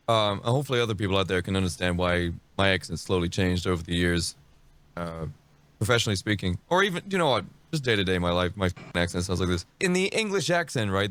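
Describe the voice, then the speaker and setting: He's a man riffing over a video on his stream, and his pitch swings up and down constantly. The tone is sarcastic and mocking, with profane asides thrown in casually. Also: fairly bright tone, no room sound. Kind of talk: casual reaction commentary.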